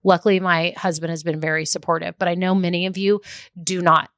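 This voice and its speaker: A woman's voice: lowish voice, flat delivery, brisk, fairly bright tone, smooth, no room sound, clean studio sound. A woman, hosting a casual solo business podcast, chatty and laughing often as she goes on tangents. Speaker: podcast host and business coach.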